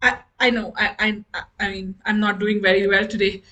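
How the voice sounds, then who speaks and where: A woman's voice: mid-range voice, flat delivery, fairly quick, bright, forceful tone, highs cut off, lightly acted. A woman improv comedian playing a flustered woman seeking closure with her exes, nervous and stammering, over a video call. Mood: apologetic. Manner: nervous, stammering, giggly apologies.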